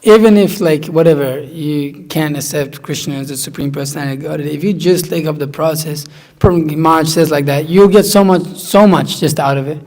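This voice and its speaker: Young man, fairly high voice, casual chat, lively storytelling, mimics friends. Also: a little fast, few pauses. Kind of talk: casual conversation.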